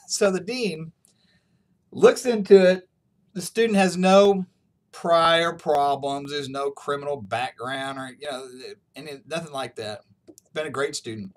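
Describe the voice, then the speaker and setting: A male professor talks his class through a story in a relaxed, chatty online lecture, chuckling often along the way. His voice sits a bit higher than most men's. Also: a little slow. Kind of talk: casual recorded online lecture.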